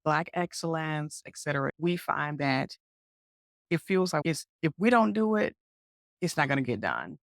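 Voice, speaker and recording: A woman's voice: deep voice, animated, moderate pace, no echo, clean studio sound. A woman hosting a podcast, reflecting her guest's words back in an affirming conversational way. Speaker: podcast host. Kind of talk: interview conversation.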